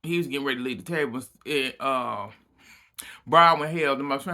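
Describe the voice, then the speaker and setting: A man giving a casual recap of a reality TV episode, acting out what people said with lots of laughter and sudden loud outbursts. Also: medium pitch, moderate pace. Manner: animated storytelling, acting out quotes, frequent laughter and outbursts.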